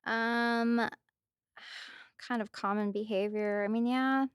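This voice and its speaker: A woman co-hosting a casual podcast chat, agreeable and quick to affirm. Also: a little high, steady tone, clean tone, dry recording, studio quality. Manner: agreeable, many short affirmations. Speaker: podcast co-host.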